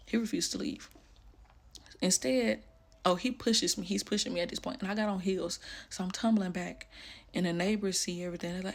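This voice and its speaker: A woman's voice: medium pitch, steady tone, fast talker, vocal fry. A woman telling a personal story candidly, blunt and emotional, with casual slang.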